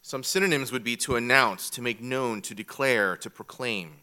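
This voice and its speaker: A man's voice: mid-range voice, moderate pace, sharp tone. A man teaching a church class from an outline, methodical and repeating each key point. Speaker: Bible teacher.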